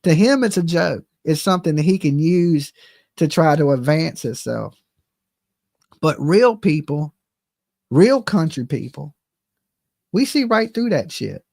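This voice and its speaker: A man's voice: on the high side, expressive, unhurried, creaky, pauses often, a little mellow, no room sound, clean studio sound. A man with a Southern US accent giving a heated reaction rant as a channel host, repeating himself and tossing in "okay?". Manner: heated, repetitive, keeps asking "okay?". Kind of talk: ranting reaction commentary.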